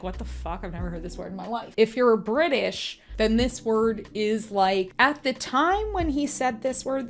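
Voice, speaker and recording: A woman chats her way through a book review in a loose, rambling style, padding her sentences with fillers as she goes. Her voice sits at an ordinary mid pitch, and faint music plays softly behind her. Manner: rambling, filler-heavy, chatty. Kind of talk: casual book review vlog.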